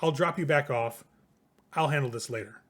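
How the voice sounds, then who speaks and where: A man's voice: mid-range voice, normal speed, close to an everyday voice. A man voicing a curt, impatient male businessman vampire with a German accent. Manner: curt, clipped, threatening.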